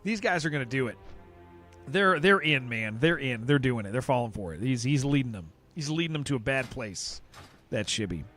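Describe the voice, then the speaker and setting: A man's voice: medium pitch, expressive, normal speed, fairly bright tone, faint music behind. A man live-streaming a game, chatting casually to viewers in a rambling way, often repeating himself and answering chat. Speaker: livestreamer playing an online game.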